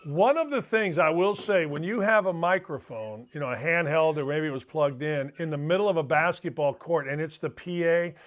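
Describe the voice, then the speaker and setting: High-voiced blunt male sports host. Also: normal speed, hardly any pauses. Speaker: sports talk show host. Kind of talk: casual sports chat.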